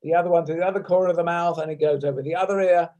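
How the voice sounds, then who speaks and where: A man's voice: fairly high pitch, steady tone, very fast, a little mellow, poor audio. A man with a British accent leading a laughter yoga session over a video call at his desk, talking in a playful, chatty way and breaking into bursts of laughter. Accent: British English. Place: at a desk at home. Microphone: desk microphone.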